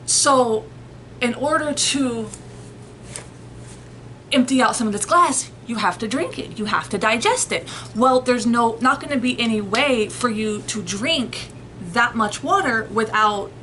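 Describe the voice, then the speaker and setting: A host explaining sleep and nightmares talks to her viewers casually, rambling, restarting sentences and reaching for everyday analogies. Her fairly high voice sounds pushed and bright. The audio is poor, with a little hiss or hum.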